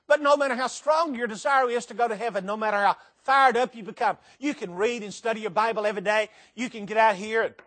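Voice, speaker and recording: An older man preaching a sermon to a church audience, swinging between soft and loud with strong emphasis. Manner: emphatic, dramatic swings in pitch and volume. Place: church meeting before a live audience.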